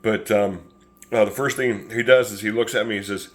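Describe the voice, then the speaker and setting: A man in his fifties with a lowish voice spins a casual story to camera. He rambles in a folksy way, restarting sentences and chuckling as he goes. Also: fairly even intonation, a little fast, slight background noise. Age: 50s.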